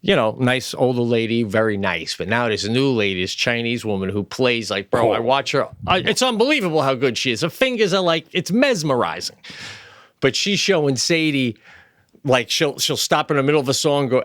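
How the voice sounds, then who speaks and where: A man in his forties co-hosting a podcast, telling stories in an animated, profane way in casual chat. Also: medium pitch, a little fast, dry recording, clean studio sound. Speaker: podcast co-host.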